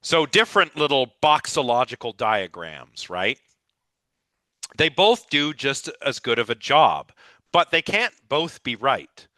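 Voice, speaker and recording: A man's voice: mid-range voice, very animated, measured pace, bright, forceful tone, dry recording. A man lecturing a live philosophy class with eager, rambling enthusiasm, his voice a little scratchy. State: slightly scratchy voice.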